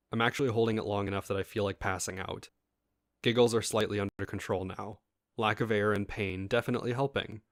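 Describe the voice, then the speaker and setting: A man's voice: fairly low pitch, no echo, studio quality. A man reading a first-person internet story aloud in a casual style, with asides to his listeners. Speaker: story reader.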